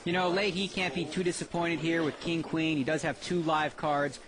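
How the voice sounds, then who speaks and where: A man's voice: on the high side, little pitch movement, normal speed, a crowd in the background. A man giving TV poker commentary, explaining the strategy behind each hand.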